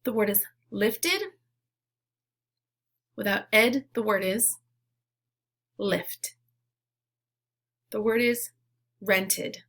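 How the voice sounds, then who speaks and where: A woman teaches young children a phonics lesson, speaking word prompts slowly and clearly, then pausing so they can repeat. Her encouraging voice is medium-pitched and a bit bright.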